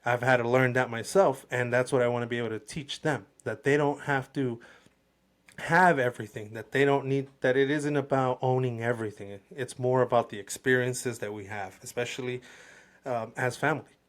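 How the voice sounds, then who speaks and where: A man's voice: mid-range voice, steady tone, moderate pace. A man co-hosting a podcast, speaking in an earnest, reflective way, often restarting his phrases. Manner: earnest, reflective, repeats himself. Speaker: podcast co-host. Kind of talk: casual podcast chat.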